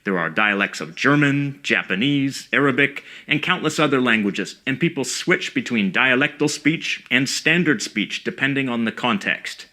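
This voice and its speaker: Bright-voiced man narrating a linguistics lesson. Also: medium pitch, expressive. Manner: measured, precise, explanatory. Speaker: language educator. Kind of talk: scripted educational narration.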